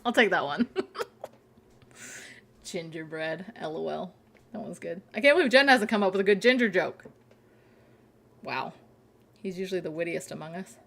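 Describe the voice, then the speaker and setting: Young woman streamer, casual and chatty, reads chat jokes aloud, giggles a lot; gravelly texture. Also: on the low side, a bit bright. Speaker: game streamer.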